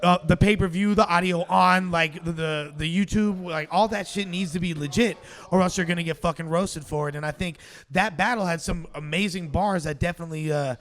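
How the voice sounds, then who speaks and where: High-voiced man with slangy banter. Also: fairly quick, few pauses. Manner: animated slangy banter, swears a lot. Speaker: co-host. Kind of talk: casual chat.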